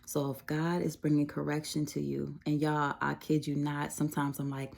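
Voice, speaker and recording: Brief: woman, low mellow voice, reassuring faith-talk, chatty with fillers. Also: level tone, moderate pace, creaky, hardly any pauses. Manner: conversational, reassuring, frequent fillers and soft laughs. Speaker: Christian devotional speaker. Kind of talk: casual devotional message.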